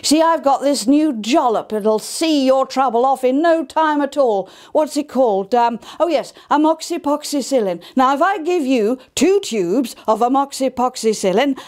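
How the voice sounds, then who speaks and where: A woman's voice: on the high side, lightly acted. A woman voicing a bluff, jolly English country vet, a man.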